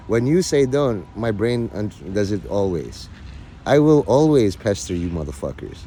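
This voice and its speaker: A man's voice: medium pitch, animated, normal speed, mellow, a little hiss or hum. A middle-aged man livestreaming, rambling in crude, mock-bossy rants at his viewers. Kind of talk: casual rant chat.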